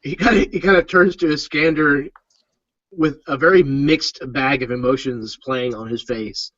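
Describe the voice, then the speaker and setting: A man running a tabletop game, narrating casually in a relaxed way. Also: mid-range voice, normal speed, dry recording, muffled recording. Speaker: game master.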